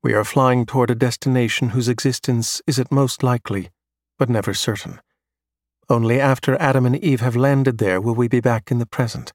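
A man narrating a science fiction audiobook in a calm, measured, even reading voice. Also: medium pitch, dry recording, studio quality.

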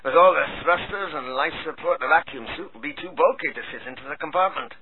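A man doing a blunt, slightly higher-voiced starship mechanic. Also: quick pace, a crowd in the background, natural voice. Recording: tinny phone-like sound.

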